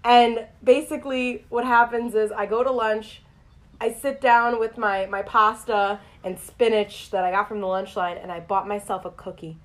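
Lively young woman telling stories. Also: medium pitch, moderate pace. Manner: animated, laughing storyteller. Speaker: podcast co-host. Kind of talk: casual podcast chat and storytelling.

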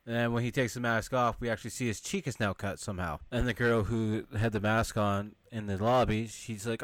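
Male podcast host, casual film recap, dry close sound, wry quips and quick mock voices. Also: on the low side, level tone, no room sound. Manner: retells scenes with quick put-on character voices and wry asides.

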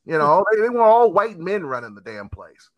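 A man hosting a casual chat, ranting in an animated, profane, emphatic way. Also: sits high, a little fast, no echo, highs cut off.

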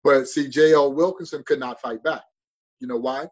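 A man's voice: medium pitch, steady tone, normal speed, poor audio. A man telling a story with passion and drama as a guest on a talk show. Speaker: baseball museum guest. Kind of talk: storytelling interview.

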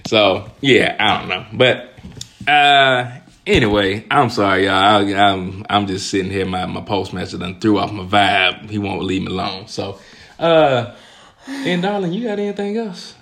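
A man's voice: on the low side, unhurried, creaky. A man, a podcast co-host telling funny stories, acting out quotes and laughing often. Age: adult, parent of nearly ten-year-old. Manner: animated storyteller, acts out quotes, laughs often. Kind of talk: casual chat, storytelling.

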